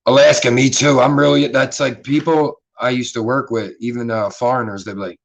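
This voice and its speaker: A man's voice: medium pitch, fairly even intonation, fairly quick, creaky, dull audio. A man with a Philadelphia accent hosting a casual livestream chat, rambling and swearing freely in a laid-back way. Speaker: livestream host.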